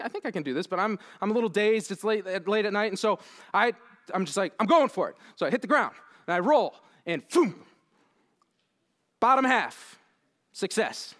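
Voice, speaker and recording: A young man with a high, light voice tells a story from a conference stage. He is animated and self-deprecating, and acts out his own lines as he goes. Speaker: keynote speaker. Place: conference hall.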